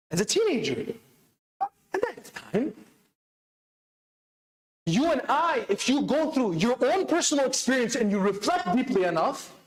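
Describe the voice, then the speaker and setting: A man giving a sermon with urgency, asking the crowd questions and answering them himself. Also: very high-pitched. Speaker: speaker at a religious celebration. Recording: echoey hall.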